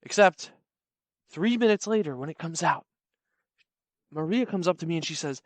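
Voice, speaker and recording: A man telling a comedic personal story in an animated, sarcastic, playful way. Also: a little high, moderate pace, long pauses, no room sound.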